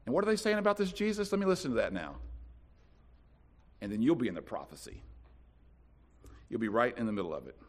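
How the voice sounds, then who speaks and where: A pastor from North Carolina, preaching a sermon with dramatic swings from soft to loud. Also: male voice, mid-range voice, big pitch swings, fast, long pauses.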